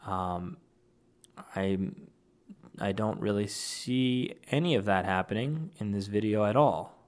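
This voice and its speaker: A man's voice: on the low side, takes it slowly. Argumentative man reacting to a clip. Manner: argumentative and dismissive. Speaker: online commentator. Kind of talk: reacting to a clip and reading posts aloud.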